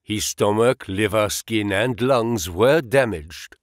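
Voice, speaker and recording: A man voicing an elderly German gentleman who speaks earnest, humble English with a German accent in a low, grave tone. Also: slow pace, no echo, clean studio sound. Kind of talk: audiobook character voice.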